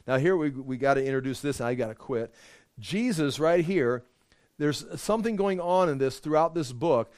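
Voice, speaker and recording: A man preaching as a pastor, explaining scripture in a conversational, animated way with frequent restarts. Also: on the high side, moderate pace, dry recording, studio quality. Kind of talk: Bible study sermon.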